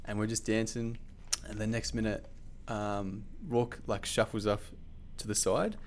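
A man with a slightly low voice tells a wild story in casual conversation. He is animated and swears freely, and his talk is full of loose fillers. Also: unhurried, slight background noise.

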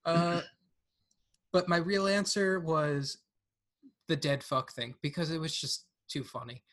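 A man's voice: on the high side, steady tone, unhurried, fairly bright tone. A man co-hosting a casual movie review podcast, swearing and incredulous about silly dialogue. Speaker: podcast co-host.

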